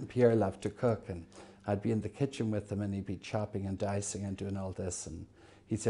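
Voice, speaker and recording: An older clergyman remembering a friend in an interview. His voice is low and gravelly with a dark, mellow tone. He talks in halting phrases full of fillers and fond asides. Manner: warm anecdotal, halting with fillers. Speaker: bishop. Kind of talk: reminiscing interview.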